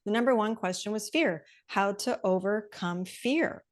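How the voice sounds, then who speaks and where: A woman's voice: medium pitch, measured pace. A middle-aged woman hosting a podcast, chatting with enthusiasm and casual swearing as she gets fired up. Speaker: podcast host. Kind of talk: casual interview chat.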